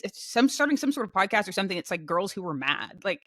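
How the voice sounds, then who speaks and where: A woman co-hosting a podcast in casual chat, talking in an animated way with many fillers and restarts. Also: medium pitch, quick pace, few pauses, no echo, clean studio sound. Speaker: podcast co-host.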